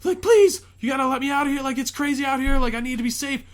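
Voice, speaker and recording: A man voicing a desperate infected woman who pleads frantically to be let in. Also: quick pace. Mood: pleading. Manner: frantic, high-pitched pleading.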